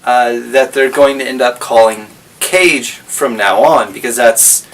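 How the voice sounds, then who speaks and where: A man's voice: medium pitch, measured pace, a bit bright, distant mic. A man casually recapping a story, rambling and correcting himself as he goes.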